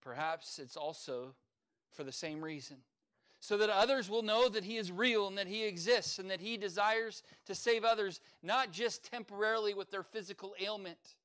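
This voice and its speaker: A man preaching a sermon as pastor, earnest, with sudden swells in loudness. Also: high-pitched, moderate pace, clear, resonant tone. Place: church service.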